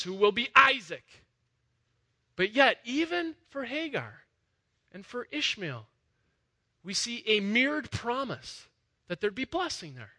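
A man preaching in a lively, conversational way. His voice is high and very bright, and it climbs to loud, emphatic peaks. It sounds like a full sermon. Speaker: pastor.

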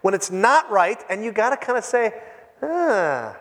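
A man preaching a sermon, retelling scripture in a lively storytelling way, acting out the voices and often restarting his phrases. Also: high voice, measured pace. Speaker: pastor. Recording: echoey hall with long reverb.

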